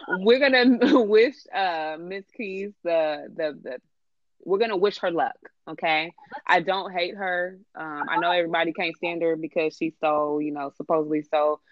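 A woman's voice: lowish voice, moderate pace, dry recording, muffled recording. A woman co-hosting a casual chat show, blunt and sassy with a lot of slang. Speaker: podcast co-host.

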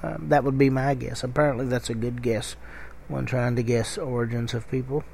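A man's voice: medium pitch, little pitch movement, brisk, gravelly, a little mellow, slightly rough. A middle-aged man with a Kentucky accent, telling a rambling story in a casual podcast monologue. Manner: rambling, conversational, with many fillers and restarts. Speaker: podcast host.

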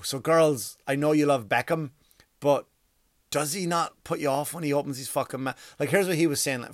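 A man delivering a profane, mocking comedic rant in a rapid-fire way. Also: mid-range voice, a bit bright, dry recording, clean studio sound. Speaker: commentator.

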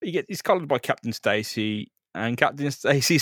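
A man's voice: mid-range voice, animated, moderate pace, hardly any pauses, fairly bright tone, no room sound, studio quality. A man co-hosting a podcast, narrating a comic book plot casually with crude jokes. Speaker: podcast co-host. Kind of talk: comic book read-through chat.

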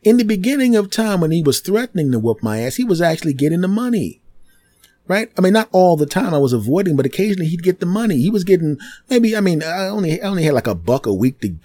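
A podcast host telling a funny story from his school days in an animated way, acting out the other people's lines and making sound effects with his mouth. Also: high voice, fast talker, no echo. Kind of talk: comic storytelling monologue.

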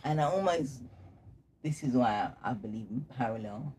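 A young man recounts his own story in a loose, candid way, even pitch and steady delivery. He laughs easily through dark memories. A faint hiss of noise sits behind him. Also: moderate pace. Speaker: guest telling his story. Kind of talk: casual personal storytelling.

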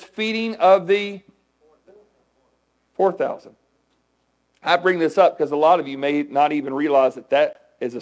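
A man preaching a sermon as pastor, conversational and animated, asking the congregation questions. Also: fairly high pitch, low-quality recording.

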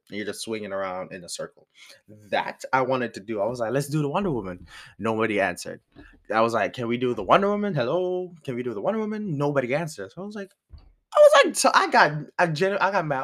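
A young man casually telling a personal story, animated, laughing often and swearing freely. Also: medium pitch. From outside the United States.

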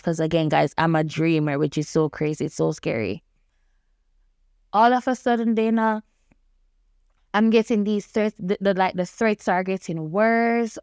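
A woman's voice: medium pitch, measured pace, no room sound, clean studio sound. Storytelling woman with a lilt. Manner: animated, acts out quoted dialogue. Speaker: podcast guest telling a story. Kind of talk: candid storytelling.

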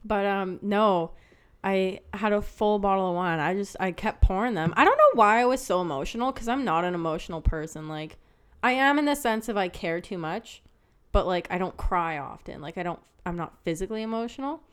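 A young woman, co-hosting a podcast in casual chat, telling animated stories, swearing freely and laughing often. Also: medium pitch, a little fast, clean tone. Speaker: podcast co-host.

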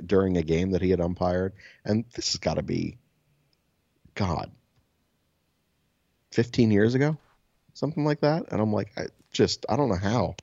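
A deep, gravelly man in his thirties, with a dark, mellow tone, rambles through a profane story as a podcast co-host. The audio is dry and a bit dull and lo-fi. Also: no room sound. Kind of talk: casual podcast chat.

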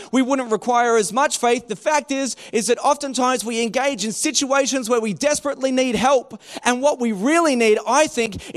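A man delivers a sermon in a strikingly high voice for a man. He talks to the congregation conversationally, posing rhetorical questions and often restarting his sentences. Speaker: pastor.

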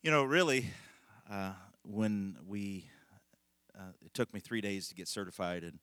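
A man's voice: fairly low pitch, expressive, measured pace, a bit bright, clear, resonant tone, dry recording, clean studio sound. A middle-aged male pastor telling a rambling, folksy story in a conversational sermon, laughing often.

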